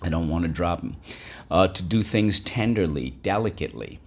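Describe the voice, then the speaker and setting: A man with a low voice leads a classroom vocabulary lesson. He is patient and repetitive, spelling out sounds and prompting students to echo each word. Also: animated, moderate pace. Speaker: teacher.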